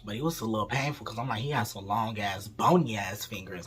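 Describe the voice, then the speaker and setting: A man's voice: medium pitch, expressive, quick pace, hardly any pauses, a bit bright, breathy edge, soft background music. A young man telling a casual, candid storytime with lots of profanity, acting out the people in his story as he goes. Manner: acts out voices in the story. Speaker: vlogger.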